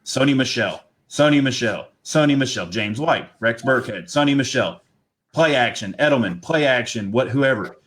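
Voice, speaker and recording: A man co-hosting a casual football talk show, opinionated and rambling as he lays out his take. He talks in an animated, loose way. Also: mid-range voice, moderate pace. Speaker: podcast co-host.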